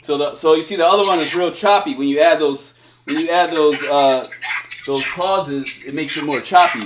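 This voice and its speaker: A man's voice: on the high side, moderate pace, background noise. A man teaching DJ scratching over a cellphone video call, eager and encouraging, talking in loose, filler-heavy bursts. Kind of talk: casual one-on-one instruction over a video call.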